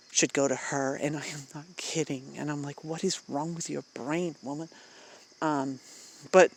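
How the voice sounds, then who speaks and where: An adult vlogger venting casually to the camera, rambling with many fillers, restarts and short laughs, getting louder and more emphatic when indignant. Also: medium pitch, a little hiss or hum. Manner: rambling and candid, many fillers and self-interruptions, frequent laughs. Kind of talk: casual personal vent to camera.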